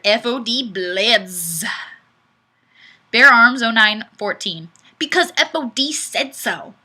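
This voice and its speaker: A playful woman hosts a live webcam chat and reads viewer comments with a giggly, sing-song delivery. Her voice sits fairly high and bright, and her pitch swings widely. She takes her time, speaking at an unhurried pace. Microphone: webcam microphone.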